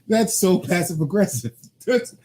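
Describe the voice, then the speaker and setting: A man co-hosting a casual couple's talk show, arguing his side with animated, teasing energy and acting out what others say. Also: sits high, slow pace, a little hiss or hum. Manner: animated, argumentative and teasing, quoting people in changed voices. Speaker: co-host.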